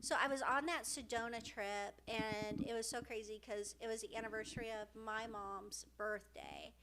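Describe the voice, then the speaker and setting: Emotional middle-aged woman, halting podcast talk. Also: on the high side, animated, bright, forceful tone, slight background noise. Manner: emotional, halting, many fillers and restarts. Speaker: podcast co-host. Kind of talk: heartfelt casual podcast chat.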